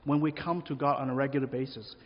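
A man's voice: mid-range voice, steady tone, fast talker. A man preaching a sermon in an easy, conversational way, asking the listeners questions. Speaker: pastor. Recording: long reverb, dull lo-fi sound.

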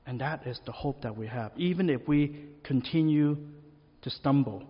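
A man's voice: mid-range voice, moderate pace, slightly rough. A man preaching a sermon in an easy, conversational way, asking the listeners questions. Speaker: pastor. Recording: long reverb, dull lo-fi sound.

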